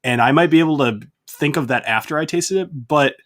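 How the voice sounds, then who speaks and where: A man's voice: on the high side, a little fast, fairly bright tone. A man hosting his whiskey channel, talking casually and enthusiastically with lots of "like" fillers. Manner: enthusiastic, chatty, frequent fillers like "like". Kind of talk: casual conversational interview.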